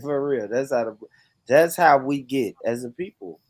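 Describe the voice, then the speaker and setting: A man's voice: mid-range voice, moderate pace, dry recording. An American man streaming a casual reaction chat, laughing often and swearing emphatically. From United States.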